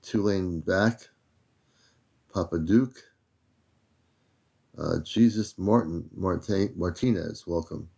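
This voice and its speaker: An older American man hosting a casual livestream, relaxed and easygoing, greeting viewers one by one by name. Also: low voice, slow, vocal fry, pauses often. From United States. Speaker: livestream host.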